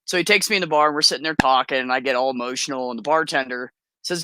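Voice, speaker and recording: A woman guest telling stories in a casual conversation, animated and laughing often, acting out the voices of the people she quotes. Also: rumbling low, very fast, dry recording, clean studio sound. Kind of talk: casual storytelling.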